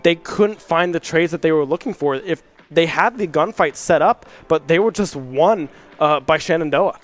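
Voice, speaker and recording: High-voiced young male esports caster. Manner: rapid play-by-play, rising at big plays. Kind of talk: live esports commentary.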